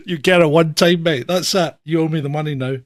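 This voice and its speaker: Teasing host, fairly high voice. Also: male voice. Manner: teasing, laughs often. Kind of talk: comedic livestream chat. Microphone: webcam livestream.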